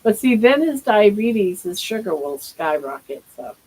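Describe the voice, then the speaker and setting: A woman's voice: medium pitch, very animated, measured pace, a little mellow, a little hiss or hum, rough recording. An older woman hosting a casual live stream from home, talking baby talk to her pet and musing aloud about her weight.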